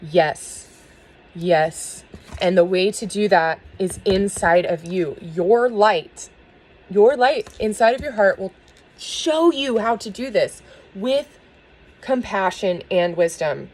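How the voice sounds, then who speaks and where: A woman giving a spiritual tarot reading and talking earnestly to her viewers, soft and emotional, with small laughs. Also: mid-range voice, lively intonation, takes it slowly, low-quality recording. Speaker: tarot reader.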